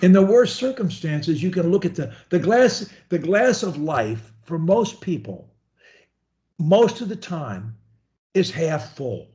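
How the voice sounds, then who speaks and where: Mellow encouraging male speech coach. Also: fairly high pitch, sing-song, slow pace. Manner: folksy, rambling, encouraging. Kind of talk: one-on-one coaching session.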